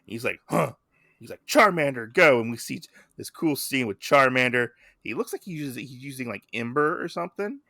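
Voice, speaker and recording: Young guy on a podcast, bright punchy voice, dry close mic, acting out lines as he goes. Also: mid-range voice, a little fast, vocal fry, hardly any pauses, no echo. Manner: animated, acts out characters' lines. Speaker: podcast co-host. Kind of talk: casual chat recapping a comic.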